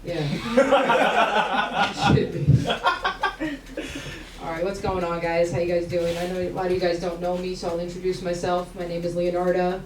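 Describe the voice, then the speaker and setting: A woman's voice: on the low side, fairly even intonation, moderate pace, long pauses. A woman comedian doing stand-up, teasing the audience in a brash, profane way. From Albania. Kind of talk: stand-up comedy with crowd work. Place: comedy club stage before a live audience. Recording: roomy club sound, distant, crowd noise.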